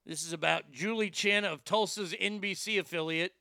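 A man's voice: sits high, steady tone, normal speed, gravelly, bright, forceful tone, smooth, dry recording, studio quality. A man hosting a commentary show, delivering a brash, swaggering, profane comedic rant. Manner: brash, swaggering, heavy swearing.

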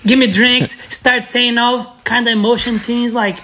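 A young man with a Brazilian accent, a native Portuguese speaker, telling stories as a podcast guest in an animated way, acting out his friends' lines. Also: very high voice, fairly quick, slight background noise. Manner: animated, acts out friends' lines, laughs often. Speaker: guest, pro skateboarder. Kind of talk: casual podcast storytelling.

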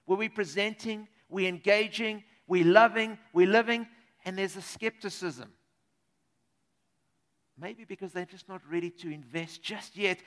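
A male preacher delivering a sermon in a lively, conversational manner, turning to address his listeners directly. His voice sits high for a man. It has a bright, forward edge. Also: a little slow.

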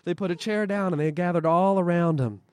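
A male storyteller telling a folk tale live at a festival, lively and expressive, with dramatic pauses. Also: sits high, clean tone, dry recording.

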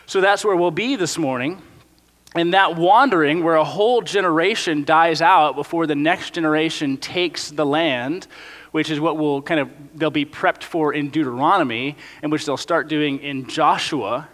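Brief: young male pastor, high bright voice, hall reverb, chatty sermon style. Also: normal speed. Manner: casual, animated storytelling with frequent "like".

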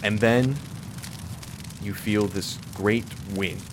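A man running a tabletop game as game master, narrating the scene in a vivid, suspenseful way with pauses. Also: fairly low pitch, steady tone. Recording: noticeable background noise.

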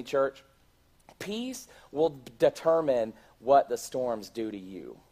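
A middle-aged pastor preaches a sermon in church, his voice on the high side with a warm tone. He speaks conversationally, often restarting his words and putting questions to the congregation.

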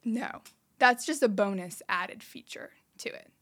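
A woman's voice: mid-range voice, measured pace, a bit bright. Brief: young woman, mid-range voice, casual storyteller, fillers galore. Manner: chatty, with lots of "like" fillers. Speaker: podcast guest.

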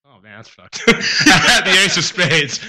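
A man's voice: high voice, very noisy. A man in a band reading out concert listings on a radio show, laughing often and tripping over names. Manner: giggly, stumbles over names.

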